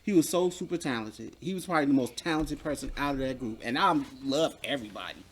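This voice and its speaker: A man's voice: mid-range voice, animated, fast, slight background noise. A man in casual chat, telling a story with animation and acting out the quotes, recorded in a media studio.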